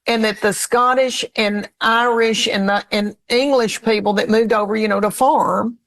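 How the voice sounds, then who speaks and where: A woman's voice: a little high, fairly even intonation, moderate pace, fairly bright tone. A woman in her fifties from Tennessee with a Southern twang, telling stories in a rambling, self-deprecating way during an interview. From Tennessee, USA. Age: 50s. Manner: chatty, rambling, self-deprecating, laughs often. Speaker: comedian guest. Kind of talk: casual interview storytelling.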